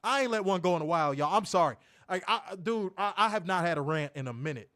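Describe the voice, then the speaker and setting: A man reviewing a wrestling show, ranting loudly with lots of swearing. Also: sits high, quick pace, hardly any pauses, no echo, studio quality. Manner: loud profane ranting; calmer advice-giving. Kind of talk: ranting commentary.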